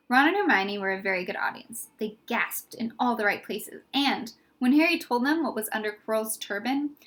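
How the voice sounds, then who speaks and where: A woman giving a lively, expressive storybook read-aloud. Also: fairly high pitch. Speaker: audiobook reader.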